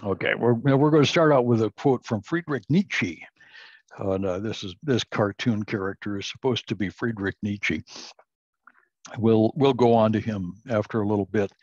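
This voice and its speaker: A man teaching a recorded online class, halting with many fillers and restarts, chuckling at his own jokes. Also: on the low side, a little mellow, dry recording, highs cut off. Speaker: Bible teacher.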